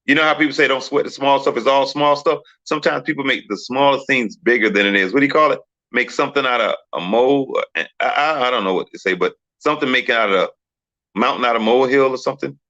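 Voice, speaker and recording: A man's voice: mid-range voice, fast, pushed and bright, dry recording, highs cut off. A man hosting a casual discussion, telling stories animatedly and acting out quoted voices. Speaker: podcast host.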